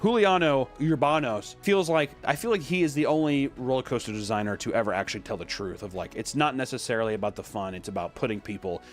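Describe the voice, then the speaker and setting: A young man hosting his channel, reading a video aloud and reacting in animated, swearing casual chat. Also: fairly low pitch, fast, hardly any pauses, soft background music. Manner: animated, swearing, loose filler "like"s. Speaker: streamer and channel host.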